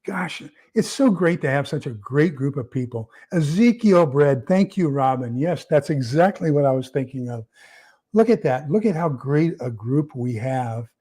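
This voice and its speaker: A man's voice: on the high side, darkish tone. A man hosting a casual livestream, rambling with many fillers and repeated words as he reads viewer comments. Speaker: prepper channel host.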